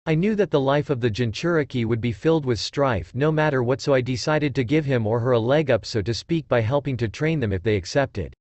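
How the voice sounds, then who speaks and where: A man's voice: mid-range voice, a little fast, hardly any pauses, a little mellow, no room sound, close to an everyday voice. A man voicing a cheeky, kind spirit of a father who explains things at length.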